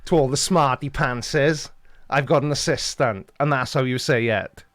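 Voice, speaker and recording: A man's voice: medium pitch, normal speed, fairly bright tone, no echo. A Welsh man hosting a live stream, reading out chat comments with dry, teasing humor. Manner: jokey, dry teasing banter.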